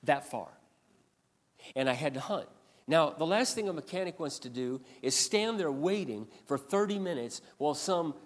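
A man preaching a sermon in a storytelling way, animated and swinging between loud passages and quiet asides. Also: mid-range voice, measured pace, in a large hall. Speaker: pastor.

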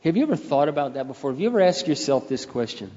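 An older man preaching a sermon as pastor, moving from quiet storytelling into loud, rising appeals. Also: a little high, sing-song, very fast. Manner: emphatic preacher who swings between soft storytelling and loud rising appeals. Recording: dull sound with long hall reverb.

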